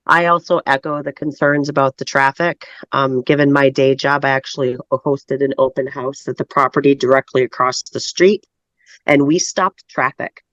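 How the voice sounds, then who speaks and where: A woman speaks in a muffled voice, delivering steady, earnest public comment at a town board hearing. The audio is dull and lo-fi, with a dry sound and no room echo. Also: extremely low pitch, normal speed. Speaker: resident giving public comment.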